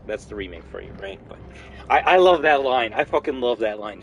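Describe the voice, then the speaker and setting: A young man streaming a game, telling a story in an animated, profane way. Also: medium pitch, fairly quick, rough recording. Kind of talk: casual gaming commentary.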